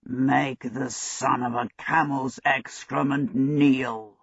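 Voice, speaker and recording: A narrator voicing an older, bald sultan whose low voice trembles with anger, speaking slowly and with menace. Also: fairly even intonation, vocal fry, breathy edge, no room sound, full character voice. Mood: cold fury. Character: older fat bald sultan, coldly furious. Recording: dull lo-fi audio.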